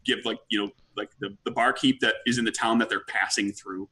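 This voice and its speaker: A man's voice: on the low side, fairly even intonation, a little fast, bright, forceful tone, slight background noise. A man on a talk show as a guest game master, chatty and full of "like" and restarts. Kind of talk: casual chat.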